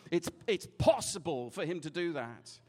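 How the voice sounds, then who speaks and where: A man preaching to a church congregation, with a voice that sits a little high for a man. He tells his story with lively, animated energy and later settles into soft, hushed prayer. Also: moderate pace. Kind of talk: sermon.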